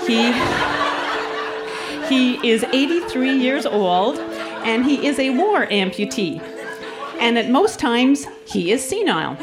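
A woman's voice: a little high, very animated, takes it slowly, long pauses, over music. A woman reading her teenage school writing aloud on a live club stage, with wry asides.

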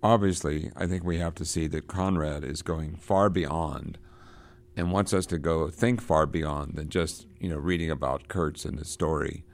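A man reading passages from a novel aloud and stopping to explain them, halting and restarting as he talks, and lifting his voice when he reads. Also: a bass voice, fairly even intonation.

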